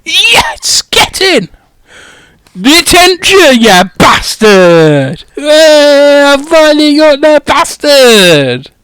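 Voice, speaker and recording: A man's voice: very high voice, very animated, drawn-out words, hardly any pauses, a bit bright, dry recording, voice pushed up, full character voice. A man voicing a furious, stern old woman teacher who shrieks and curses at a pupil. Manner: shrieking, cursing outbursts. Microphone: headset.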